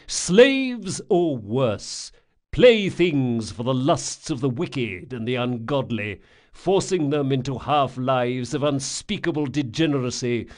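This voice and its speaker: Male narrator putting on a big-voiced blind priest in his fifties, bellowing, raised and loud, storybook reading. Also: medium pitch. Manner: bellowing, orator-like. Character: booming blind middle-aged male street priest, theatrical.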